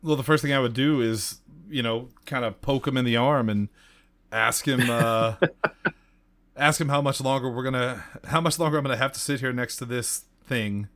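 A man's voice: mid-range voice, moderate pace, fairly bright tone. A man playing a tabletop game, talking casually. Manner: laughing, casual. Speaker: player.

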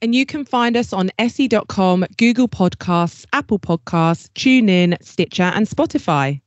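A woman's voice: mid-range voice, moderate pace, no room sound, muffled recording. A woman co-hosting a podcast who takes part in a quiz and reacts expressively. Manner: expressive, reacts with gasps and laughs. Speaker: podcast co-host and quiz contestant. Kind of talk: casual podcast chat.

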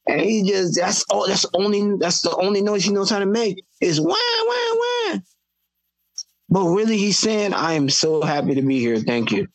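A man's voice: high-pitched, a little fast, few pauses, no room sound, rough recording. A man, a Christian hip hop artist from Florida, telling stories in a casual podcast conversation and acting out the voices of people he quotes.

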